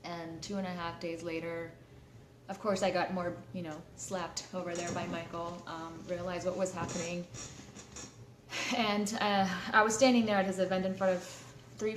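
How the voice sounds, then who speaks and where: Talking candidly to her live stream viewers, a woman with a lowish voice fills her speech with fillers and restarts. The recording has an echoey room sound, faint ambience, and slight background noise.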